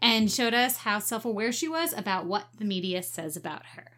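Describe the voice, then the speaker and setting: A woman's voice: medium pitch, expressive, a little fast, bright, forceful tone. A woman co-hosting a casual podcast, upbeat and enthusiastic as she introduces guests. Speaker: podcast co-host.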